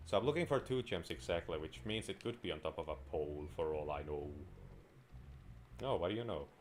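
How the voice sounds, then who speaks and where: A man's voice: deep voice, expressive, brisk, slight background noise. A young man giving rambling, self-mocking commentary while he plays a game. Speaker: gameplay commentator. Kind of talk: casual gameplay commentary.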